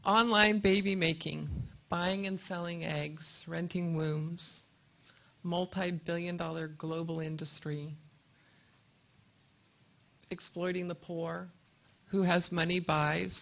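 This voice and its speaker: A woman's voice: lowish voice, steady tone, slow, gravelly. A woman giving a prepared advocacy speech at a conference, emphatic and declamatory. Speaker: conference speaker. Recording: dull muffled audio.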